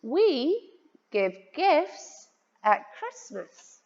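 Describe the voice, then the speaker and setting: A woman teaching small children, her slightly high voice rising and falling in a sing-song way. She takes her time and spells words out letter by letter. The recording is dull and lo-fi, with a long reverb trailing behind her. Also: big pitch swings, very slow, darkish tone. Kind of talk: children's vocabulary lesson.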